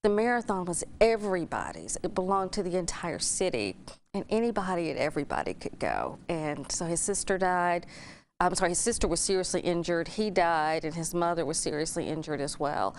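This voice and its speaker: A Southern woman with a fairly low voice chats as an interview guest, a former TV anchor who talks readily and warmly. A faint hiss sits behind the recording. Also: big pitch swings, a little fast. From Alabama. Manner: warm, talkative, laughs easily. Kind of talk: casual interview chat.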